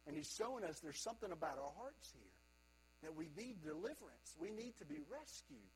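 A man preaching a sermon to a congregation, moving between quiet reflective stretches and loud emphatic calls to young people. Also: on the high side, very animated, a little fast, a little hiss or hum, low-quality recording. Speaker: pastor.

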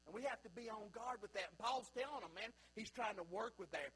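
A man preaching a sermon in a church, swinging from loud, high bursts down to low, quiet stretches. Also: quick pace, slightly rough, low-quality recording. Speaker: pastor. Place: church sanctuary.

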